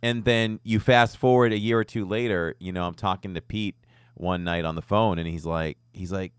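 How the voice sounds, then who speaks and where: A man hosting a live podcast, chatting casually and signing off in an upbeat, animated way. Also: low voice, moderate pace, clean tone, no room sound, clean studio sound. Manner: upbeat, animated sign-offs. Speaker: podcast host.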